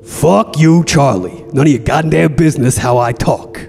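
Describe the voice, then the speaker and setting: A man voicing a gruff aging mobster lying in a coma, profane and brooding, in a comedy podcast sketch. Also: on the high side, moderate pace, a little mellow, soft background music. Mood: snarling. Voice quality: gravelly, profane, tough-guy drawl.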